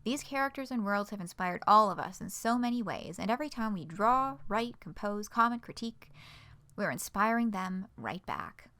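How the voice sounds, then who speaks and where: A woman's voice: medium pitch, lively intonation, normal speed, sharp tone. Playful woman streamer reading aloud. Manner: playful, dry asides, frequent laughs. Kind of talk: reading a fan project announcement aloud with asides.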